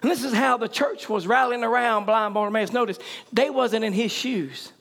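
A very high-pitched male preacher with a drawl. He swings between shouted, fervent bursts and hushed storytelling. Hallelujahs punctuate his sermon to the congregation. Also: moderate pace, vocal fry. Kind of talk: revival sermon.

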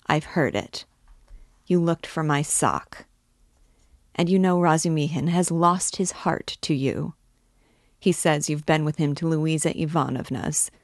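A woman's voice: low voice, a little mellow, no echo, studio quality. A woman voicing a feverish, irritable young male student who taunts with sardonic mockery.

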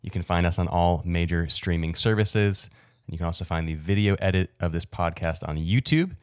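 A man co-hosting a podcast, giving a smooth, relaxed sign-off in a casual chat. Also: sits low, a little fast, no room sound, clean studio sound. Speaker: podcast co-host.

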